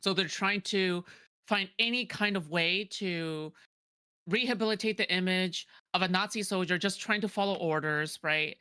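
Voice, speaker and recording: A man's voice: high voice, normal speed, sharp tone, smooth, no room sound. A man co-hosting an online podcast, teasing and provoking the others in casual banter and swearing freely. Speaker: podcast co-host.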